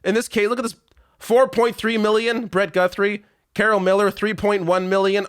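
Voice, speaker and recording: A man's voice: sits high, flat delivery, moderate pace, clear, resonant tone, no echo, studio quality. A man hosting a political commentary show, talking in an exasperated, sarcastic way and rattling off lists of names and figures.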